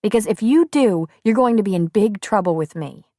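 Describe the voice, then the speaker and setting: A woman's voice: medium pitch, animated, normal speed, dark tone, no room sound, studio quality, voice pushed up, lightly acted. A woman voicing a determined, spirited young niece who speaks firmly and emphatically. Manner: firm, upbeat and emphatic.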